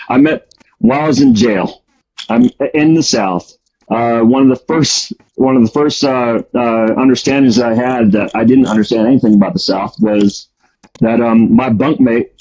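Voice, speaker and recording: A man's voice: medium pitch, moderate pace, darkish tone, husky. A man casually telling a story about his past, with a rambling delivery full of fillers and restarts. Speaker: guest storyteller. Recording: dull lo-fi audio.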